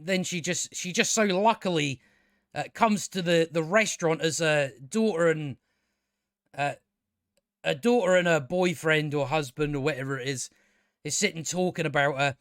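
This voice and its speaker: A man's voice: fairly high pitch, a bit bright, no room sound, studio quality. A man giving a casual spoken TV review, ranting with exasperation, stumbling over restarts and swearing.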